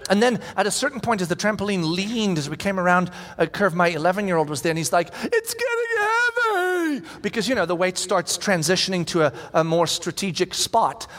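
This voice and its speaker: High-voiced pastor preaching in a reverberant hall. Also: male voice, quick pace, few pauses. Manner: animated storytelling, acts out shouted quotes. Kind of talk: sermon.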